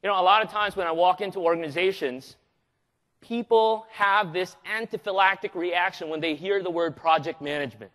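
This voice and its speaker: A man from the Philippines presents at a conference, his fairly high voice carrying through a large hall with a long reverb tail. He speaks energetically and jokes often. He keeps pulling the audience in with quick questions. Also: a bit bright.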